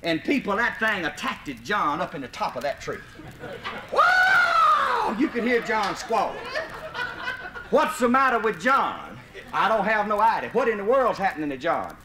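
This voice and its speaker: A man's voice: high voice, big pitch swings, normal speed. A man from Mississippi with a Southern US accent, telling a folksy comic story to a live audience and breaking into hollers. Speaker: comedic storyteller. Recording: vinyl live recording, roomy, faint hiss.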